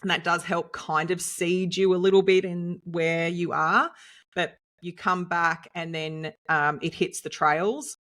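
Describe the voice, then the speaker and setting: An Australian woman co-hosting a podcast, telling a story in a lively, chatty way and laughing often. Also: lowish voice, a little slow. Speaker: podcast co-host and nutritionist. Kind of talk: casual storytelling chat.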